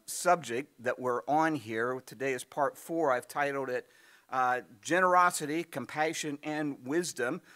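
A middle-aged male pastor delivers a relaxed, story-driven sermon, stumbling through fillers and restarts. His voice is going hoarse and he keeps clearing his throat. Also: a little high. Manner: conversational, anecdotal with frequent fillers and restarts.

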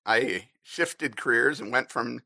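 A man giving a personal reflection to a church congregation, earnest and a little halting. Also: medium pitch, vocal fry, pushed and bright, no echo, studio quality. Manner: earnest, halting with fillers, briefly emotional.

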